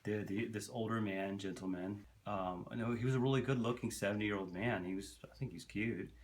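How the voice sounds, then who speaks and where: A man's voice: on the low side, steady tone, brisk. A man telling a long personal story to camera for his vlog, rambling and candid, swearing freely and tripping over his words. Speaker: vlogger.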